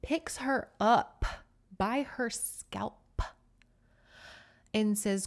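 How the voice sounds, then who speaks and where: A woman's voice: medium pitch, slow pace. A young woman, hosting a casual podcast book recap in a chatty, profane way with laughing asides. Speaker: podcast host.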